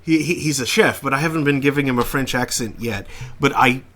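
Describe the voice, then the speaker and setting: A man's voice: mid-range voice, fairly quick, a bit bright. A man streaming a video game, chatting casually and reading the game's text aloud. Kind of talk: casual gameplay commentary.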